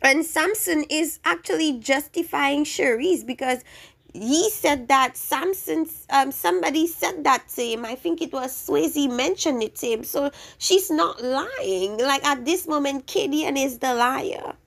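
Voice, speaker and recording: A young woman talks straight to her viewers in a casual, opinionated rant, easily exasperated. Her voice sits a little higher than most women's. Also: a little slow, vocal fry, a bit bright. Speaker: reality TV reviewer.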